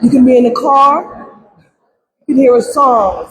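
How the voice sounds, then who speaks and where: A middle-aged woman giving emotional public testimony at a press conference about her grief, pleading through tears and at times breaking into shouts. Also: high-pitched, measured pace, low-quality recording. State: grief-stricken, close to crying. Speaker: grieving mother giving testimony. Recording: crowd noise at a press event.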